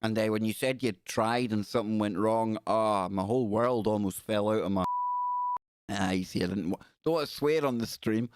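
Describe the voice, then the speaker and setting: A man's voice: fairly low pitch, moderate pace, clean tone, no room sound, studio quality. A Scottish man hosting a live call-in radio show, chatting loosely and reading news stories aloud with rambling asides. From Scotland.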